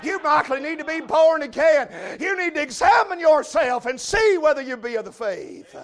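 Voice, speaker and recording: A man preaching a fiery revival sermon in a church. He shouts his lines and fills the pauses with drawn-out "uh"s. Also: very high-pitched. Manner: shouting, with frequent drawn-out "uh" fillers.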